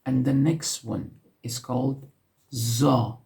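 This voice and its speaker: Slow gravelly man teaching letters. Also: mid-range voice, steady tone, mellow. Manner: slow, patient explaining with frequent self-corrections. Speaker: language teacher. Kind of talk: casual teaching while writing on a board.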